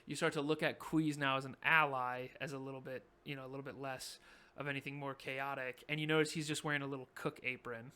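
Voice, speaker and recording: Bright, clear-voiced game master, man. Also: mid-range voice, level tone, fast talker. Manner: loose, filler-heavy narration. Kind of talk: narrating a tabletop game.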